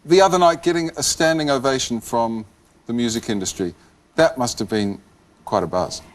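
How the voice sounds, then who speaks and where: A man hosting a TV interview, asking brisk leading questions. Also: medium pitch. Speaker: host.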